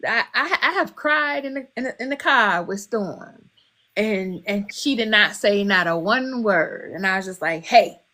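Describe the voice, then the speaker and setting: Woman, guest author, casual podcast chat, emotional, candid, swears, laughs a lot, mid-pitched voice. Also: expressive, unhurried, sharp tone.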